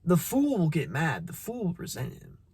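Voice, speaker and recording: Blunt, profane man with a high voice. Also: wildly swooping pitch, normal speed, a little mellow, breathy edge. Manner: repeats phrases, stumbles on restarts. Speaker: motivational vlogger. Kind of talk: casual motivational monologue.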